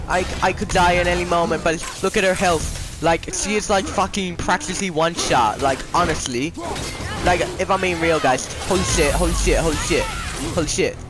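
A man's voice: high voice, normal speed, rough recording. A young man playing a game on camera, whining and swearing in constant outbursts. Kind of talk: raging gameplay commentary. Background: game music.

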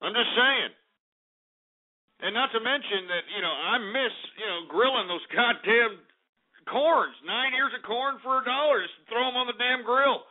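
Brief: abrasive, foul-mouthed man hosting talk radio, high-ish voice, phone-quality audio. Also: normal speed. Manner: abrasive, profane, sarcastic. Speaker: radio show host. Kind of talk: ranting talk radio commentary.

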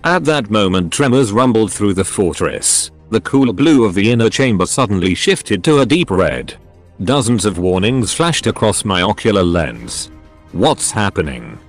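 A man's synthetic voice reading a first-person story in an even, matter-of-fact way. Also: fairly low pitch, moderate pace, faint music behind.

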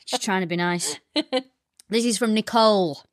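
A woman's voice: mid-range voice, a little slow, dry recording, studio quality. A woman co-hosting a comedy podcast, joking, swearing and laughing while reading a listener letter. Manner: animated, jokey, swears, laughs. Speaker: podcast co-host. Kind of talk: casual comedic chat.

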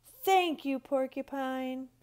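A woman's voice: high voice, slow pace, darkish tone, smooth. Woman doing a mild bookish bear. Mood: grateful.

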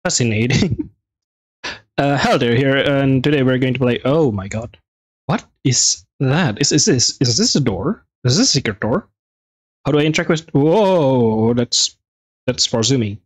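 A gaming video host talks his way excitedly through a let's play, quick to react and reading the on-screen text aloud. The voice is medium in pitch with a breathy edge, and there's no echo.

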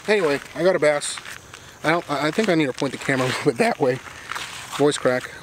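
A man's voice: a little high, expressive, quick pace, background noise. A man filming a casual fishing vlog outdoors on a riverbank, talking to the camera in a chatty, rambling way. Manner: chatty and rambling, addresses viewers as guys. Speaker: fishing vlogger. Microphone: camera set up on the bank.

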